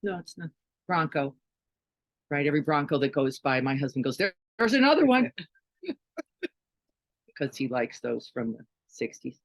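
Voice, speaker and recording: A woman's voice: very deep voice, steady tone, moderate pace, no room sound, low-quality recording. A woman giving a conversational dharma talk as a meditation teacher, often checking in with listeners with questions and "right?". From Chicago, United States.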